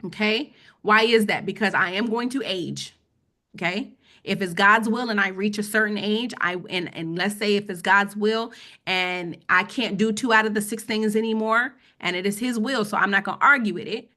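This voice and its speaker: At a moderate pace, a woman with a sharp, mid-range voice leads an informal finance webinar. She teaches money matters conversationally, checking in again and again with "okay?".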